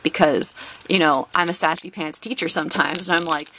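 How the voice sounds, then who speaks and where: A woman's voice: deep voice, steady tone, brisk, fairly bright tone, slight background noise. A young adult woman, a teacher hosting her own channel, tells an exasperated work story with laughs while opening a card box.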